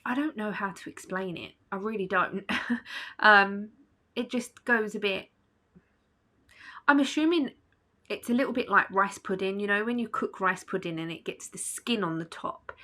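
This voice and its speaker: Bright-toned, sleepy chatty woman. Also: medium pitch, moderate pace. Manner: chatty, rambling, with fillers and small laughs. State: sleepy, yawning. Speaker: vlogger. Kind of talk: casual chat to camera. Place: at home.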